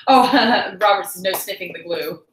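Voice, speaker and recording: A woman's voice: medium pitch, moderate pace. A young woman hosting a casual livestream chat at home, bubbly and scatterbrained, laughing often. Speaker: livestream host. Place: home room while cleaning tack. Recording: echoey room.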